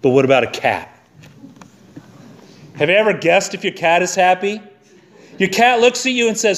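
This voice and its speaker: Man, middle-aged, pastor, sermon, folksy conversational preaching, church sanctuary, slightly high voice. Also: normal speed, pauses often, fairly bright tone.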